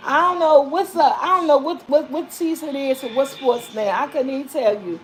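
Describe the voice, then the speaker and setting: Speaking briskly in a high voice, this woman runs her own vlog and reads out viewer comments during a casual live-stream chat. Her talk is loose and rambling, full of repetition, and she addresses her audience as y'all.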